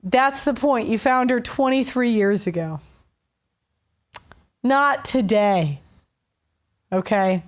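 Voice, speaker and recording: Young woman host, high voice, blunt heated rant with restarts. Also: slow, long pauses. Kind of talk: opinion rant on a call-in show.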